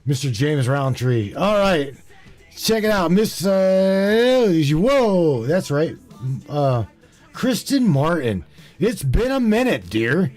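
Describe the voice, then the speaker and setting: A man hosting a call-in show, chatting casually, slangy and quick to laugh. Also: a little high, very animated, darkish tone, soft background music. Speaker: show host.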